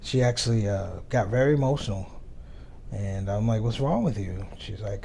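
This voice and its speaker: A man's voice: lowish voice, moderate pace, vocal fry. A man, a comedian guest, telling stories in casual chat and acting out the voices of the people in them. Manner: animated storyteller, acts out dialogue. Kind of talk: storytelling chat.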